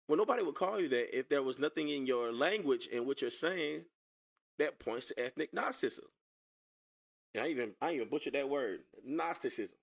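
A man giving casual reaction commentary on a video clip, sarcastic and animated, often repeating himself as he talks to viewers. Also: medium pitch, creaky.

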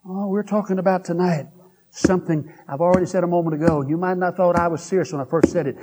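A man preaching a folksy, emphatic sermon. His voice leaps up and drops low as he drives his points home. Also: fairly even intonation, fast talker, very noisy. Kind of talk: revival-style sermon.

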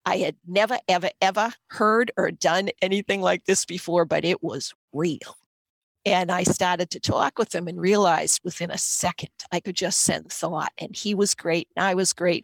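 A woman's voice: lowish voice, gravelly, dry recording. A middle-aged woman with a Boston accent, telling a personal story earnestly as a podcast guest.

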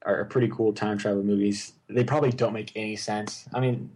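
A man's voice: on the low side, fairly even intonation, fairly quick, a little mellow, a little hiss or hum. A man co-hosting a casual movie chat, rambling and enthusiastic, full of fillers and restarts. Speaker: podcast co-host.

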